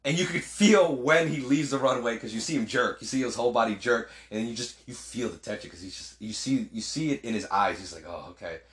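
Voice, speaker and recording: A man's voice: medium pitch, fast talker, few pauses, fairly bright tone. A man co-hosting a casual movie chat, acting out scenes with sound effects. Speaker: podcast co-host. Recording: echoey room.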